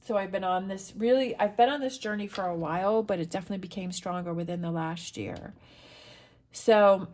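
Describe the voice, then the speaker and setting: A woman's voice: medium pitch, fairly quick, darkish tone. Earnest motivational woman tarot reader. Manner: earnest, motivational, repeats phrases. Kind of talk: encouraging tarot reading to camera.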